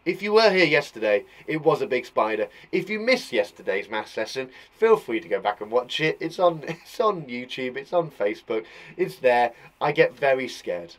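A man's voice: medium pitch, moderate pace. Bubbly English man teaching young kids. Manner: bubbly and animated, reading out kids' work. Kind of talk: lively children's lesson.

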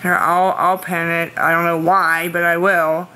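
Woman, live-stream chat, anxious pleading tone, rambling, repeats herself, bright sharp voice. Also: fairly low pitch, level tone, a little slow. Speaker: livestreamer asking viewers for money. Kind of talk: casual live-stream chat, answering viewer comments.

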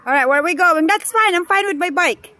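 A woman's voice: very high voice, brisk, pushed and bright, poor audio. A woman chatting casually to her viewers on a phone while out on a bike ride and at a park. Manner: chatty, mixes English with Tagalog. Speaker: vlogger. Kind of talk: casual vlog narration while biking.

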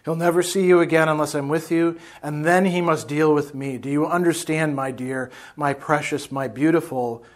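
A man's voice: on the high side, fairly even intonation, normal speed, hardly any pauses, lightly acted. A man reading aloud the lines of an anguished, protective adult woman from a novel. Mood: fierce. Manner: emotional read-aloud dialogue.

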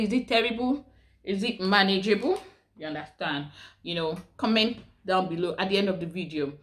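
A chatty woman with a Nigerian accent talks straight to her viewers in a casual vlog. She keeps asking them questions. Her voice sits at an everyday middle pitch. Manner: chatty, full of rhetorical questions. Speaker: vlogger. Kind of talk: casual chat to camera.

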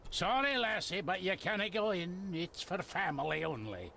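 A man with a Scottish accent playing a gruff, secretive gardener who clings to the old ways, speaking slowly and guardedly. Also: sits high, expressive, sharp tone, slight background noise, full character voice. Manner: slow, guarded, dialect-heavy. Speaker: game character.

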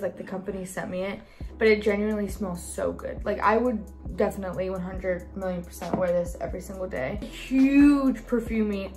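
A young woman chatting casually in a vlog, bubbly and full of fillers like "like" and "um". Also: mid-range voice. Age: young adult. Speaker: vlogger.

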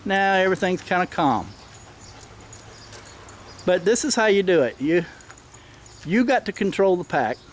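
A man's voice: high voice, animated, measured pace, pauses often, slight background noise. Plain-spoken man, outdoors. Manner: plain-spoken, firm commands with sudden sharp shouts at the dogs. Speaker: dog owner filming his own pack. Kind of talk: casual instructional narration. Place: outdoors in a backyard. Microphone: handheld camera mic.

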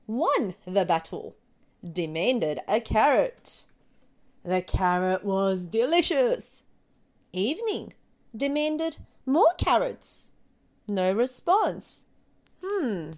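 A woman reads a children's picture book aloud at an unhurried pace. Her voice sweeps high and low, playful and expressive, with deliberate pauses between short phrases. It is a clear bedtime storytelling read.

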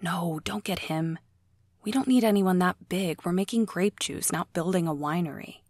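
Woman reads anxious young heroine, hushed and urgent, dry. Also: fairly low pitch, moderate pace, dry recording, close to an everyday voice.

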